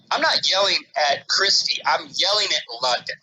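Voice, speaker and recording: A man co-hosting a casual podcast talks in a bright, sharp, somewhat high voice that swings widely in pitch. He rambles through his story with restarts and fillers. He bursts into loud reenactments of his own panicked words. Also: normal speed, a little hiss or hum, rough recording. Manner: animated, acts out his own panicked quotes loudly. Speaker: podcast co-host.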